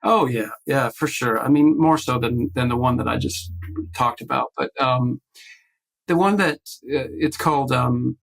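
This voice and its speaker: Gravelly-voiced man telling a story. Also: mid-range voice, measured pace, poor audio. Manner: animated storyteller acting out quotes, many restarts. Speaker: podcast guest, artist. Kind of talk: casual storytelling conversation.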